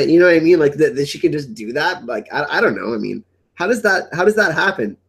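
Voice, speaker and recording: A man hosting a casual livestream chat, excitable and rambling, often repeating his words. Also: a little high, quick pace, gravelly, slightly rough. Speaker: livestream host.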